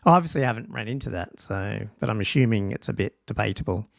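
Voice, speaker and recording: A man's voice: on the low side, fast, creaky, no room sound, studio quality. A man hosting a livestream podcast, reading out rules and thinking aloud in a loose, casual way with ums and restarts. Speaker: podcast host.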